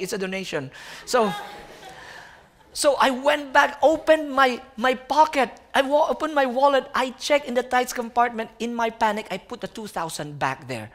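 A young man, preaching as a guest speaker and telling a personal story in an animated way, often calling his listeners friends. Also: extremely high pitch. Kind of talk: sermon storytelling.

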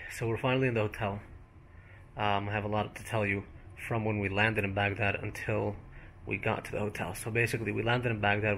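A man's voice: on the low side, a bit bright, slight background noise. A man vlogging a trip, recounting events in a loose, chatty play-by-play. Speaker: travel vlogger. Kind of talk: casual travel vlog narration.

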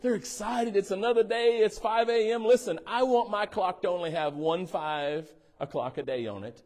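Playful preacher, slightly high voice. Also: male voice, moderate pace, darkish tone. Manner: playful, teasing asides, asks congregation for responses. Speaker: pastor. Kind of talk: sermon. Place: church sanctuary.

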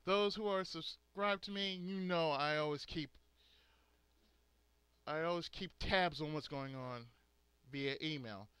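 Angry guy cussing on his gaming channel, forceful tense voice, real dry sound. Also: fairly high pitch, a little slow, pauses often, clean tone, no echo. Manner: angry, profane, emphatic ranting. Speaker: gaming video host. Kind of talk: angry rant to subscribers.

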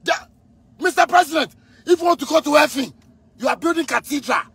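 A man in his thirties from Ghana with a Ghanaian Pidgin English accent, delivering an angry, repetitive rant with frequent shouting. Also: very high-pitched, lively intonation, fairly quick, no room sound. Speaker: musician ranting on video.

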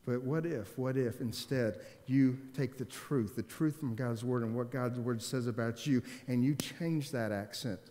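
A pastor with a mid-range, dark-toned voice preaches a sermon at an unhurried pace with few pauses. He speaks emphatically, repeating key phrases and putting questions to the congregation, and the recording has a long hall reverb.

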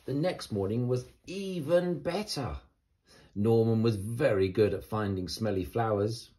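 A man reading a children's bedtime story aloud in a gentle, expressive way. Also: on the low side.

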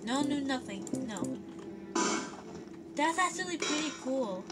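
A woman giving live commentary as she plays a video game, full of gasps and excited squeals. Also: sits high, slow, pauses often, over loud music. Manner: excitable, gasping, squealing reactions. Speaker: gameplay vlogger.

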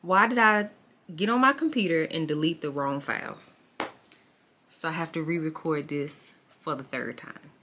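A woman's voice: sits low, moderate pace, pushed and bright, slight background noise. A woman vlogging casually to camera, chatting with her viewers as "y'all" and talking herself through her frustrations. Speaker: lifestyle vlogger.

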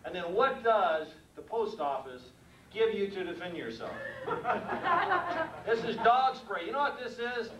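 An older man with a high voice tells comic stories as stand-up comedy, folksy and animated, acting out the scenes. The recording is echoey, heard from a distance in a room, with faint noise.

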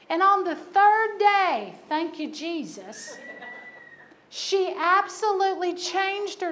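A woman pastor delivers a sermon in a very high voice, telling stories and laughing at herself. She drives her points home by repeating them. A faint hiss sits under the recording. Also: a bit bright. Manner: storytelling, laughing at herself, emphatic repetition.

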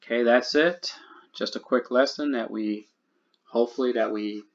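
A man teaching a grammar lesson, speaking slowly and deliberately and repeating the key points. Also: mid-range voice, lo-fi sound.

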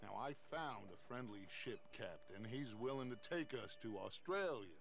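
An actor playing a charismatic middle-aged outlaw gang leader in a video game, with a smooth, persuasive manner. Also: male voice, medium pitch, expressive, normal speed, natural voice.

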